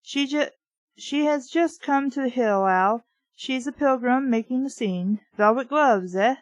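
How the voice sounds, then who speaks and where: A woman voicing a smooth, slangy man stepping in at a party. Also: high voice, measured pace, dry recording. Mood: breezy.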